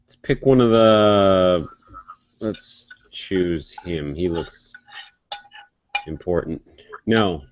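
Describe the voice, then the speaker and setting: Hosting a casual web talk show over video call, this man rambles and jokes with lively energy. His low voice moves very slowly with long pauses, and the recording has no room sound.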